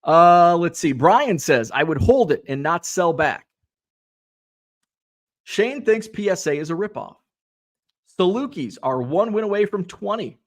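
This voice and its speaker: A man chats casually through a hobby livestream, his voice sitting a little high. He rambles, drops fillers and reads viewers' comments aloud as they come in. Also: sing-song, a little slow, pauses often. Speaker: livestream host reading chat.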